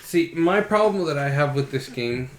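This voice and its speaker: Higher-voiced man in an echoey room. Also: expressive, moderate pace, a little hiss or hum. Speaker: board game podcast co-host. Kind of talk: casual chat.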